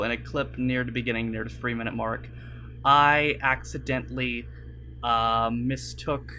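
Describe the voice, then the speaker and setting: A man's voice: mid-range voice, sharp tone, slight background noise. A young man making a casual vlog from his computer desk, rambling with lots of fillers and apologizing. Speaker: YouTuber. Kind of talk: casual vlog talk to camera. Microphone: desk mic at webcam setup.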